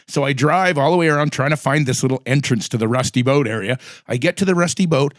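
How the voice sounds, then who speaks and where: A man hosting a casual chat, telling animated anecdotes and acting out the lines he quotes. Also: medium pitch, fast talker, no room sound, clean studio sound. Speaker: podcast host.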